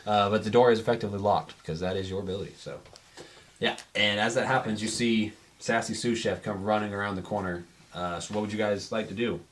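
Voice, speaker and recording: A man's voice: on the low side, steady tone, a little hiss or hum. A man running a tabletop game as game master, narrating the scene and laughing often. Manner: laughs often while narrating, quick voices for guards.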